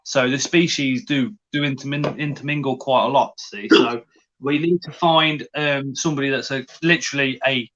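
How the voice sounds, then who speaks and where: A man's voice: mid-range voice, steady tone, moderate pace, a bit bright, muffled recording. A man hosting a casual livestream, greeting viewers in the chat and talking in a hesitant way with many restarts. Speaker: livestream host.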